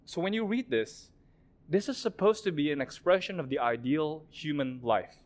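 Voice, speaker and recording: A man's voice: a little high, animated, normal speed. Conversational male preacher. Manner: conversational, acts out quoted prayers. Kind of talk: sermon.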